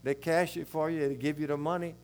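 A man's voice: fairly high pitch, level tone, fairly quick, darkish tone, smooth, natural voice. An older man with a South Louisiana accent voicing a plain-spoken male boss in a joke. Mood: explaining.

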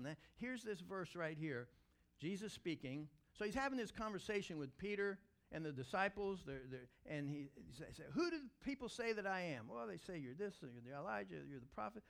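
A man's voice: on the high side, vocal fry. Earnest preaching pastor, man. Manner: earnest, conversational preaching that builds to emphatic peaks. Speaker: senior pastor. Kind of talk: sermon.

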